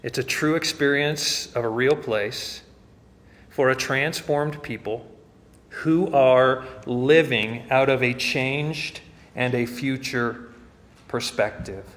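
A man's voice: mid-range voice, slow pace, a bit bright, in a large hall. A man preaching a sermon as pastor, earnest and rising to fervent emphasis.

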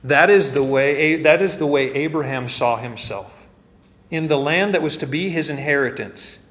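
A man's voice: a little high, normal speed, fairly bright tone, big-room sound. A man preaching a sermon as pastor, earnest and rising to fervent emphasis.

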